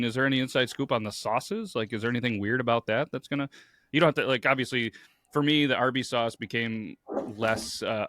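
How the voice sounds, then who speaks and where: A man's voice: mid-range voice, a bit bright, no echo, studio quality. A man co-hosting a podcast, talking casually and easygoing about a sauce he likes. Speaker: podcast co-host.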